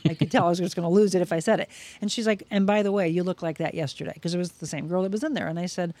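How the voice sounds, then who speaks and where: A woman's voice: fairly low pitch, racing, dry recording. A middle-aged woman, a podcast guest, telling a personal story in casual chat and acting out the quoted dialogue. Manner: lively, acts out quoted dialogue.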